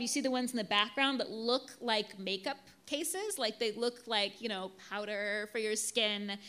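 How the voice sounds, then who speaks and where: Woman, fairly high voice, casual storytelling presenter, slide talk. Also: pushed and bright. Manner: casual, chatty storytelling with fillers and asides. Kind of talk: live talk to an audience with slides. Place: venue in a big city.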